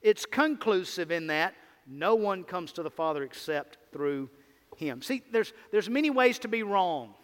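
A man's voice: high-pitched, lively intonation, a little slow, in a large hall. A man preaching a sermon, with an emphatic, repetitive cadence and rhetorical questions.

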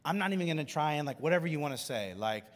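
A man's voice: fairly high pitch, expressive, racing, close to an everyday voice. Man playing an easygoing God, rambling and offhand, reverberant hall. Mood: laid-back. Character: casual, chatty male God, laid-back.

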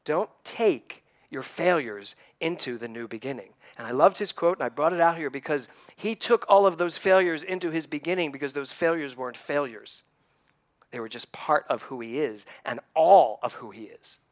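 Speaking at normal speed in a fairly high pitch, this man in his sixties preaches a conversational sermon. His tone is earnest and personal with a touch of emotion, and he mixes in stories and questions for the congregation.

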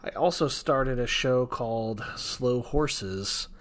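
A man's voice: mid-range voice, takes it slowly. Joking young man co-hosting a podcast. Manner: jokey, rambling, self-mocking. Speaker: podcast co-host. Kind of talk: casual podcast chat.

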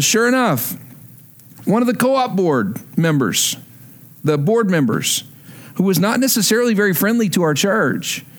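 Male pastor, middle-aged, high voice, animated storyteller preaching a sermon. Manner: storytelling, animated, rises in pitch when stirred.

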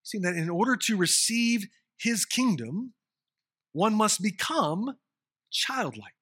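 A man with a fairly high, bright voice and a husky edge delivers a sermon. He reads scripture and then explains it earnestly, repeating his key points for emphasis. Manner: measured, earnest preaching with emphatic repetition. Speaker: pastor.

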